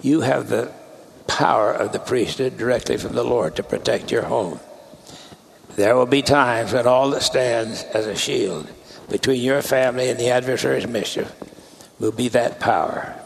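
A man delivering a sermon as a church leader, in a measured, deliberate preaching cadence. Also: mid-range voice, gravelly, a little hiss or hum.

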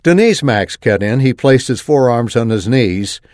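A man reading a first-person story aloud with an expressive delivery. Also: mid-range voice, a little slow, no room sound, clean studio sound. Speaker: reader.

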